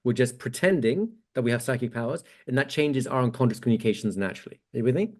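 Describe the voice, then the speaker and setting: Male hypnosis instructor, mid-pitched, patient explainer who keeps checking the listener follows. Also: animated, fast, a little mellow. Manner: explains step by step, checks in with "right?". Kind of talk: teaching demonstration.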